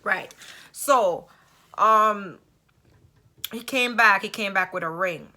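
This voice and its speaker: A woman talks straight to her viewers in a casual storytelling monologue. Her voice is bright and forward. She speaks emphatically and keeps turning to the listener with rhetorical asides. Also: mid-range voice, slow. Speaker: vlogger.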